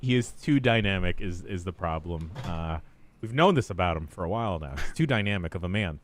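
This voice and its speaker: A man's voice: low-pitched, expressive, brisk, a little hiss or hum. A man hosting a podcast in casual chat, laid-back and swearing freely as he tells anecdotes. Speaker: podcast host.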